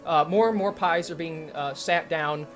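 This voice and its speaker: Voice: mid-range voice, moderate pace, a bit bright, soft background music. A game master narrating a tabletop game in a casual, hesitant way with many fillers. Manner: chatty, hesitant, laughs a lot.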